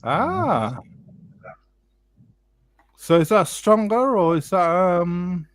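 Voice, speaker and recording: A man hosting a live watch chat, relaxed and jokey, thinking aloud with plenty of fillers. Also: high-pitched, drawn-out words, dry recording. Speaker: watch show host.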